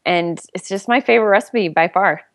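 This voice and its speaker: A woman guest chatting playfully on a podcast, laughing often. Her voice is mid-pitched and sounds dry and close. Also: fairly quick, no echo. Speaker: podcast guest, food blogger. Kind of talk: casual chat.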